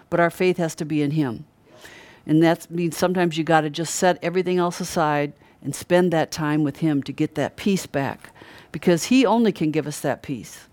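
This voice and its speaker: A middle-aged preacher talks through a sermon in a relaxed, conversational way, leaning on certain words and repeating them for weight. The voice sits in a middle pitch and sounds earnest. It is recorded close and dry, with no room echo. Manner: earnest, emphatic repetition of key words. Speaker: Christian preacher.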